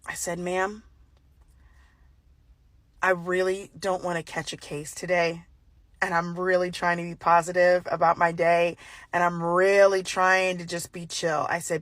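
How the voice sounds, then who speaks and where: Animated woman telling a story, dry sound. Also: a little slow, dry recording. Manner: animated, acts out dialogue with exaggerated pitch jumps. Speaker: storyteller recounting a personal encounter. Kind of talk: casual storytelling.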